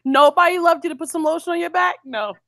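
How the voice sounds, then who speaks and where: A woman's voice: very high voice, quick pace. A woman co-hosting a podcast in casual, playful chat, often laughing as she talks. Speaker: podcast co-host.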